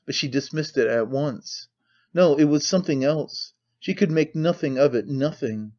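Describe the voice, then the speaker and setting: A man's voice: medium pitch, moderate pace, a little mellow. Man narrating an audiobook, muffled.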